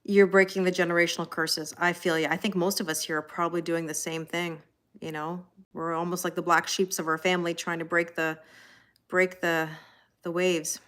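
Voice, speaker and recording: With a fairly low, somewhat bright voice and a level tone, a Canadian woman talks at a moderate pace during her live tarot stream. She reassures viewers directly, reads their comments, and frequently adds "you know?".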